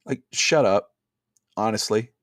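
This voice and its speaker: A man's voice: lowish voice, unhurried, a bit bright, no room sound. Rambling man on a dry video call. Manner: rambling, with many fillers and restarts. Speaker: podcast co-host. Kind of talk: casual wrestling talk over a video call.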